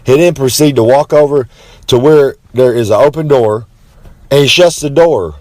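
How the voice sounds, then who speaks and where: A brash man with a drawl spins a rambling comic tale. He swaggers through it with boastful asides and drawn-out dramatic pauses, talking about himself in the third person. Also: medium pitch, a little mellow, no echo. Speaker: wrestler telling a story. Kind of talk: rambling comic storytelling monologue.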